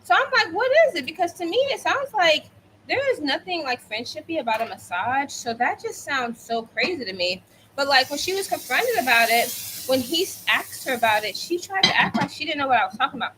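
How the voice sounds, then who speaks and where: A woman's voice: sits high, sing-song, brisk, pushed and bright, a little hiss or hum, low-quality recording. A woman in her thirties telling a casual storytime while cooking at home, chatty and full of "like" fillers. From United States. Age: 30s. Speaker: vlogger.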